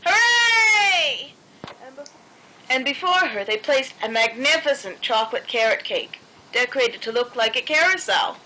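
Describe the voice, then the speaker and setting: A woman reads a children's picture book aloud in a gentle, expressive way. Her voice sits high and sounds bright. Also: moderate pace, slight background noise, low-quality recording. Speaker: storybook narrator.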